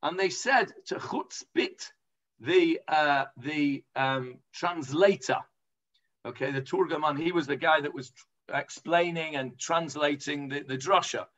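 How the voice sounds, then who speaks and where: A man's voice: on the high side, a little slow, a bit bright. A man with an English accent teaching an informal Talmud class, chatty and full of hesitations. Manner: chatty explaining, lots of hesitations.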